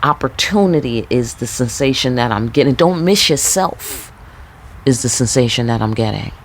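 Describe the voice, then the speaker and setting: A woman's voice: very deep voice, a little fast, slight background noise. A woman with a New York accent reading tarot and talking casually to viewers, laid back, blunt and profane. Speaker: tarot reader. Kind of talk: casual spiritual talk to viewers.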